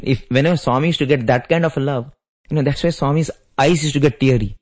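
A man's voice: medium pitch, fast talker, darkish tone. A man giving a spiritual discourse, retelling sacred stories in a reverent storytelling manner. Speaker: spiritual speaker.

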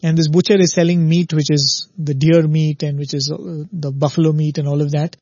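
A man retells an old scriptural tale in an easy conversational way, leaning on fillers as he goes. His voice sits a little high. The recording is dry and close, with a dull, lo-fi sound. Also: level tone, brisk, darkish tone, dry recording. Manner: conversational, frequent "you know" fillers. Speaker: storyteller. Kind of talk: casual retelling of a scriptural story.

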